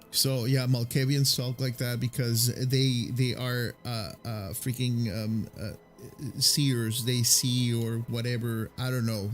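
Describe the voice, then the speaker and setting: A man casually commentating his video game playthrough, rambling with many fillers and restarts. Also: mid-range voice.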